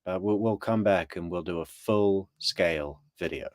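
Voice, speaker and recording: A man's voice: deep voice, moderate pace. A man giving casual true crime commentary with joking, sarcastic asides.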